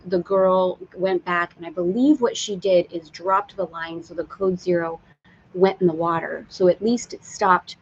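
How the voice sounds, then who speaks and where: A woman's voice: medium pitch, a little mellow, breathy edge, muffled recording. A woman hosting a live stream from a sailboat, telling a candid story and reading viewer comments aloud. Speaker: spiritual teacher and live-stream host.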